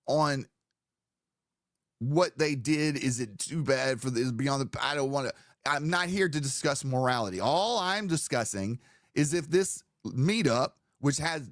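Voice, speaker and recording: A man's voice: a little high, dry recording, studio quality. A man hosting a live stream, talking in a casual, profane, rambling way as he sets up a commentary segment. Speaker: streamer host.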